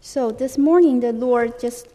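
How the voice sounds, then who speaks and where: A woman interpreting a sermon into English phrase by phrase, steady and at times searching for a word. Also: a little high, unhurried, big-room sound. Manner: steady, occasionally searching for words.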